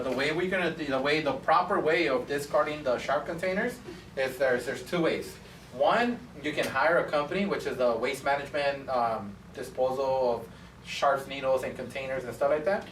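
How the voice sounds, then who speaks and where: A man's voice: mid-range voice, a bit bright, far from the mic, slight background noise. Chatty man telling stories in an echoey room. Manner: chatty storyteller, acts out both sides of conversations. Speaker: barbershop owner teaching students. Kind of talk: casual classroom talk with anecdotes.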